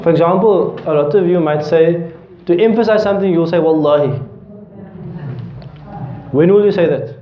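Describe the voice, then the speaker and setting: A man's voice: sits high, brisk, a little hiss or hum. A man teaching a classroom lecture. He explains with everyday examples and keeps checking that students are following. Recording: roomy, dull lecture-hall recording.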